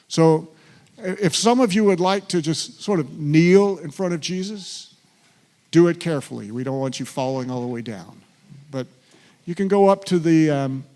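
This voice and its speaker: A man's voice: on the high side, a little mellow. A male pastor preaching a sermon in a church, with a dramatic delivery that sinks to near whispers. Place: church sanctuary.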